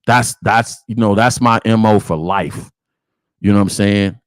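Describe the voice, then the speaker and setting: A man's voice: on the low side, fairly even intonation, measured pace, dry recording. A man hosting a live sports reaction stream, talking bluntly and with heat, swearing and repeating "you know what I'm saying". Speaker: sports channel host.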